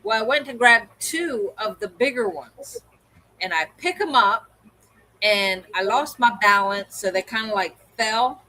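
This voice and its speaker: A woman co-hosting a livestream, telling an animated story in casual chat and acting out the voices of the people in it. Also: on the high side, measured pace, low-quality recording. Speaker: co-host.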